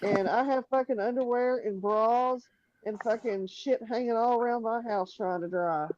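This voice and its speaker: A woman's voice: fairly high pitch, normal speed, darkish tone, no echo, lo-fi sound. A woman in casual live-stream chat, frank and cursing heavily.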